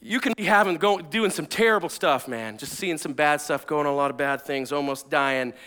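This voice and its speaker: A man with a high, bright voice preaches a sermon built on personal stories. His delivery is lively and conversational. It swings from excited near-shouts to quiet, earnest questions. He sounds like a pastor speaking plainly to his church. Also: a little fast. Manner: energetic, conversational, swings from loud to hushed. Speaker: pastor, former firefighter.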